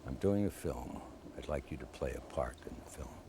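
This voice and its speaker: Man imitating a deep-voiced grand old director. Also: lively intonation, brisk, background noise. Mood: grave, courteous. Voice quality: deep, rich. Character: impression of a famous male film director, deep rich commanding voice.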